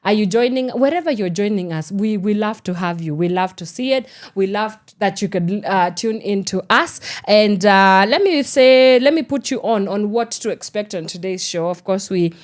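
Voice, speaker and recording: A woman's voice: medium pitch, moderate pace, few pauses. A woman with a Kenyan accent hosting a morning radio show, chatting casually and slipping in Swahili phrases. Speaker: radio host. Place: radio studio.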